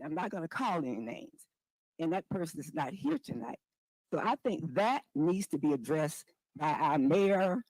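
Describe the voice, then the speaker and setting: A woman's voice: lowish voice, a little mellow, dry recording, poor audio. A woman speaking at public comment during a village board meeting, pointed as she questions the officials.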